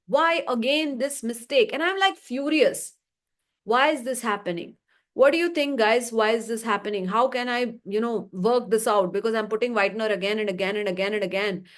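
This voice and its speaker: A woman teaching a live online class, reading chat replies and explaining with rhetorical questions and animated stories. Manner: animated storytelling, rising pitch for emphasis. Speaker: energy healing teacher.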